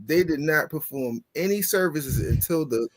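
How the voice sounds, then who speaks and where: Animated man telling a story. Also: a little high, moderate pace, no echo. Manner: animated, exasperated, swearing. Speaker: podcast co-host. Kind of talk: casual comedic storytelling.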